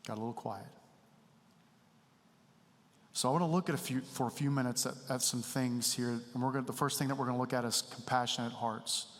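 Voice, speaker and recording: A man delivers a sermon in a relaxed, confessional way, weaving in stories from his own life. His voice sits in a middle register. The sound carries the long reverb of a church sanctuary. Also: mid-range voice, fairly quick, long pauses. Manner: candid, conversational storytelling. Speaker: preacher.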